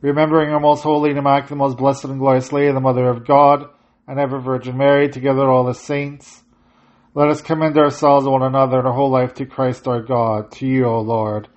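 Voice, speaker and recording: A man's voice: medium pitch, little pitch movement, a little fast, darkish tone. Guy intoning church prayers, mid voice, kinda muffled lo-fi recording. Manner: chanting and intoning, with plain spoken asides. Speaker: prayer leader. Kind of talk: chanted liturgical prayer. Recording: slightly dull lo-fi audio.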